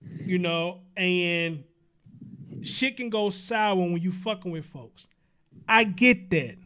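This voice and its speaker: A man hosts a casual online commentary show. His voice is very high for a man. He reacts with disbelief and pounds home rhetorical questions in plain, blunt talk. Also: lively intonation, takes it slowly, bright, forceful tone. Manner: incredulous, laughing through outrage, rhetorical questions. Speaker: show host.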